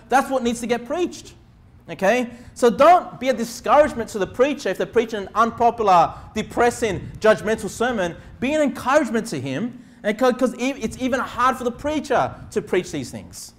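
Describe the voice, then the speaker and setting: A young male pastor preaching with a strikingly high voice for a man. He speaks earnestly to his congregation and keeps asking "okay?" to make sure they follow. His voice stays notably high from one sentence to the next. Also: expressive, fairly quick. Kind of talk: sermon.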